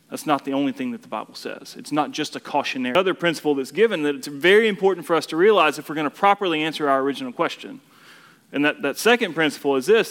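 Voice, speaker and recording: A man's voice: a little high, fairly bright tone. A man preaching a casual, conversational sermon, often repeating words as he builds each point. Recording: long reverb of a hall.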